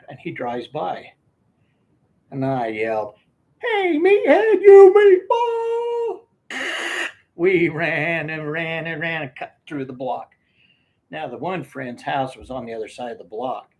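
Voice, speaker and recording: A man's voice: mid-range voice, a bit bright. An older man telling rambling casual stories from his youth, often breaking into laughter. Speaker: storyteller. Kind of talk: casual storytelling.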